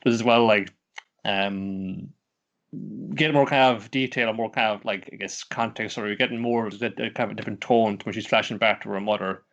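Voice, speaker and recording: A man's voice: fairly low pitch, fairly even intonation, brisk, fairly bright tone. A man co-hosting an anime podcast, talking casually and hesitantly with many fillers. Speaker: podcast co-host. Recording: dull lo-fi stream audio.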